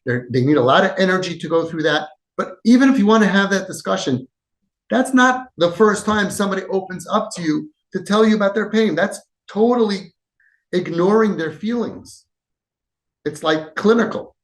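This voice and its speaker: A man hosting a parenting podcast, giving impassioned advice with shifts between loud and soft and acting out quoted lines. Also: high-pitched, lively intonation, moderate pace. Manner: emphatic, acts out quoted dialogue, swings between loud and soft. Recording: echoey room.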